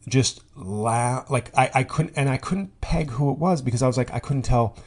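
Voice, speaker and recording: A man's voice: medium pitch, normal speed, darkish tone. Rambling man doing a comic monologue. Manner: rambling, tangent-prone, with frequent fillers and restarts. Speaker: podcast host. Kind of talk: comedic monologue.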